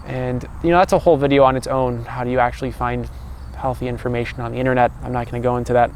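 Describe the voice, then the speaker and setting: A young man, a personal growth coach, talking in a calm and loose way, often ending thoughts with "right?" and restarting sentences. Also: mid-range voice, very fast, slight background noise. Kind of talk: casual reflective monologue.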